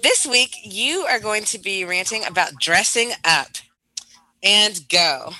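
Animated woman co-host, high, bright, unhurried. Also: rough recording. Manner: lively, laughing, giving cues. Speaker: game timekeeper. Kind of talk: hosting a game over video call.

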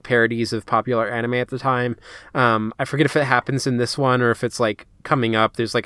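Smooth-voiced man chatting on a podcast. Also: medium pitch, no room sound, clean studio sound. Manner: animated, lots of filler words, quick asides. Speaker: podcast co-host. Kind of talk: casual chat.

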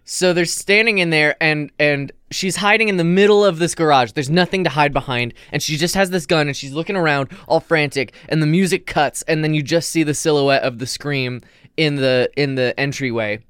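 A man on a casual podcast, retelling a movie plot in animated detail with lots of fillers. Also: a little high, normal speed, clean tone, dry recording, studio quality. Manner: animated storyteller, many fillers. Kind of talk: casual chat.

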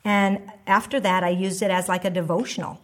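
Animated woman giving a devotional talk. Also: mid-range voice, fairly quick. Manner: animated and emphatic, dropping to a soft hush for prayerful moments. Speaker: devotional speaker and author.

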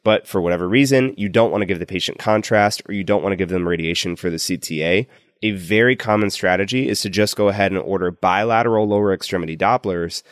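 A man's voice: deep voice, quick pace, no echo, clean studio sound. A man speaking as a clinician co-host on a medical teaching podcast, explaining in an opinionated way.

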